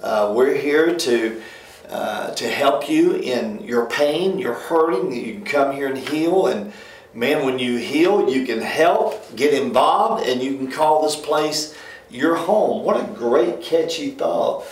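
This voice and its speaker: A man's voice: expressive, slow pace. A man, a pastor co-hosting a church ministry talk show, speaking in an emphatic, folksy way. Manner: emphatic, folksy, rises high when mocking others. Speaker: pastor and co-host. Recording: roomy echo.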